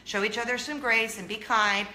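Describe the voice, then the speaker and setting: Bright-voiced woman telling a chatty story. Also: fairly high pitch, moderate pace, slight background noise. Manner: animated, chatty, laughs often, acts out quotes. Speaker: host. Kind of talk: casual storytelling chat. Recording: roomy room echo with faint ambience.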